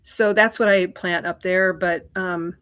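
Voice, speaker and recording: Chatty livestream host, woman, lowish voice, rambling asides to viewers. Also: steady tone, unhurried, fairly bright tone. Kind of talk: casual chat, answering viewer comments.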